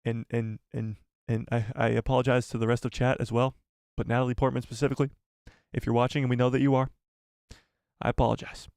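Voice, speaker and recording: A young man hosting a casual live stream, excitable and joking as he talks straight to his chat. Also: mid-range voice, quick pace, gravelly, no echo, studio quality.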